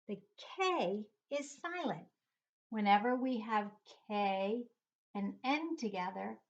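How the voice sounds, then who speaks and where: A woman's voice: on the high side, animated, slow pace, a bit bright. A middle-aged woman teaching a phonics lesson to young children, patiently spelling words out letter by letter. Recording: dull lo-fi recording.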